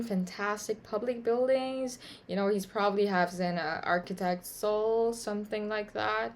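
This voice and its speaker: A young woman giving an informal class report, chatty and casual, full of fillers and asides. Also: medium pitch. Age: young adult. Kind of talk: casual spoken class presentation.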